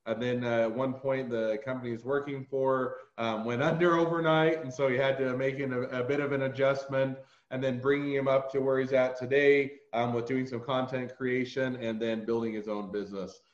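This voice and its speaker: A man's voice: medium pitch, fairly even intonation, normal speed, hardly any pauses, echoey room, dull audio. A man from Utah with a Utah accent, hosting a casual podcast interview and talking in a rambling way full of fillers and asides. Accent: Utah, American. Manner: rambling, filler-heavy, digressive. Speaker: podcast host.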